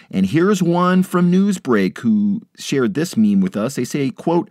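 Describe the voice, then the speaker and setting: A man's voice: very animated, slow pace, hardly any pauses, darkish tone, no room sound, studio quality. A man hosting a podcast, reading out quotes and adding sarcastic asides in a dropped voice. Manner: sarcastic asides, drops voice low after quotes. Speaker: podcast host.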